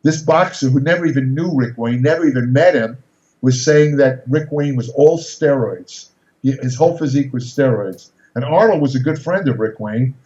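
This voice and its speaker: An older man telling an animated story in an interview, often repeating words and restarting his sentences. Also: mid-range voice, moderate pace. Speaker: guest storyteller. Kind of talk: casual interview anecdote. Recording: echoey, slightly dull recording.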